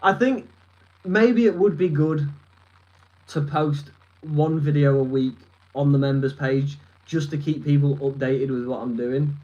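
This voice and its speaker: A man in his twenties with a northern English Lancashire accent sits at a desk in his room, rambling and swearing as he answers a live stream chat. His slightly high, mellow voice comes a little slowly, and the recording's highs are cut off.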